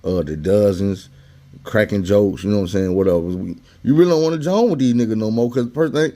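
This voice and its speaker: A man with a fairly low voice spins a personal story in loose, slangy everyday talk. He keeps it conversational and jumps into the voices of the people he quotes. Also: a little fast, dark tone. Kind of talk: casual storytelling.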